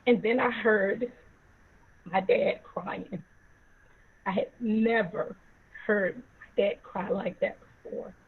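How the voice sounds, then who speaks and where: A woman telling a personal story slowly and dramatically on a video call. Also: mid-range voice, slightly rough. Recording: tinny phone-like audio.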